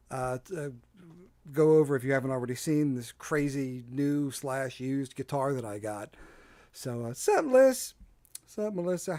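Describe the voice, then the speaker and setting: His voice is fairly high and a little mellow, picked up by a desk microphone with no room sound. The man, who has a Delaware County Philadelphia accent, hosts a laid-back solo porch livestream where he rambles, puts himself down, and uses lots of fillers.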